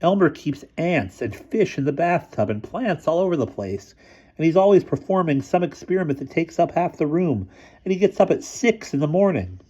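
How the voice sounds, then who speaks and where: A man voicing a dramatic teenage boarding-school boy who leads his friends, speaking loudly and indignantly. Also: mid-range voice, normal speed, lo-fi sound, pitched above the performer's own voice, natural voice. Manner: loud, indignant, wailing.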